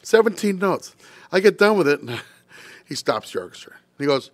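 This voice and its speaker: An older man, a trumpeter being interviewed, telling a story in lively detail, stumbling over repeated words and laughing between lines. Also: fairly high pitch, normal speed, dry recording. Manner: acts out quoted voices, laughs often, restarts with repeated words. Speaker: trumpeter guest. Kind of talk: animated storytelling in a podcast interview.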